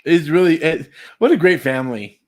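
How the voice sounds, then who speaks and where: A man's voice: a little high, animated, normal speed. A man co-hosting a casual chat show, playful and laughing along with the host.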